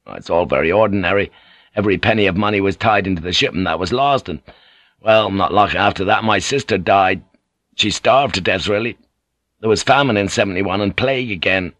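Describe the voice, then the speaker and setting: A man playing a weary English sea captain with a low, grounded voice. He talks earnestly and plainly, close to the mic in a dry studio read. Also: a little fast, fairly bright tone, dry recording. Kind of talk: audiobook character reading.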